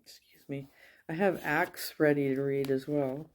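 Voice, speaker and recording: A woman reading scripture aloud at a steady pace, with small slips and self-corrections. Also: low-pitched, measured pace, a little hiss or hum. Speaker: Bible reader.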